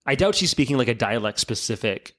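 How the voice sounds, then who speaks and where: A man's voice: medium pitch, very animated, brisk, a bit bright. A man on a podcast who makes dry quips and short remarks of agreement. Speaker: podcast guest. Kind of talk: casual chat.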